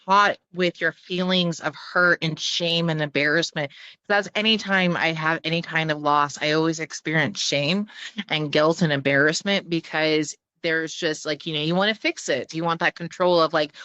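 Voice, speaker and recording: A woman's voice: low voice, fairly even intonation, a little slow, pushed and bright, smooth, dry recording, dull audio. A woman talking as a podcast guest in casual conversation, chatty and full of fillers, with the odd swear. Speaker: podcast guest, clowning teacher.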